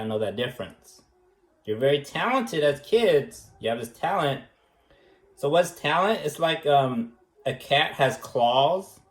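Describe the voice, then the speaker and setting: A man giving a rambling, joking recommendation speech as an art teacher, teasing in a deadpan way and tagging his points with questions. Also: medium pitch. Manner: teasing, deadpan, many fillers and tag questions. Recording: echoey room.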